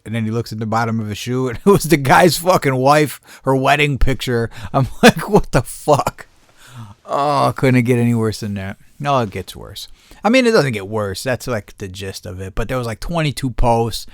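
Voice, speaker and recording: Male podcast host, casual profane storyteller, mid-pitched, dry close recording. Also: no echo. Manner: profane, animated, laughing storyteller.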